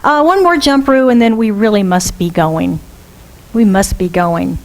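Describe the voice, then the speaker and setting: A woman's voice: medium pitch, natural voice. A woman voicing a fussy, distracted mother kangaroo in a told storybook tale. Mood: hurried. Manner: distracted, hurried, coaxing.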